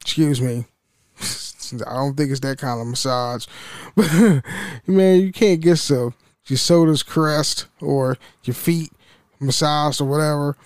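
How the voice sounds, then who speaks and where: A man with a drawl rambles through a casual solo podcast, cursing freely and tripping over his words. His voice sits a little high for a man and comes across dry and close, with no room sound around it. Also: takes it slowly, smooth, no echo. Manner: profane, rambling, stammers and laughs between thoughts. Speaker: podcast host.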